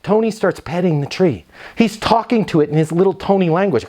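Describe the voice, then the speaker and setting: A man giving an energetic, conversational sales talk built around a story. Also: sits high, a little fast. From United States. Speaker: sales speaker.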